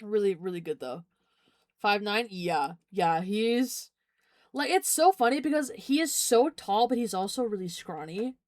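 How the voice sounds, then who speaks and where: A woman's voice: medium pitch, lively intonation, unhurried, a little mellow, no room sound, clean studio sound. A young adult woman streamer chatting casually, rambling, giggling often, and repeating herself. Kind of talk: casual chat.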